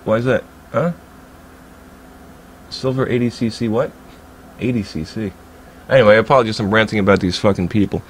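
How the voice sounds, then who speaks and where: A man's voice: lowish voice, brisk, long pauses, slight background noise. A man, a livestreamer ranting in a heated, profane, rambling way during casual chat. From Staten Island, New York.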